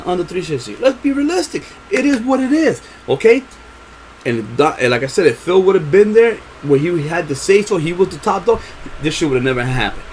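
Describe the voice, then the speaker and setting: A high-voiced man rants straight to his viewers, passionate and profane, tripping over repeated words and drawn-out fillers. A faint hum of ambience sits under his voice. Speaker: gaming vlogger. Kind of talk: unscripted rant to camera.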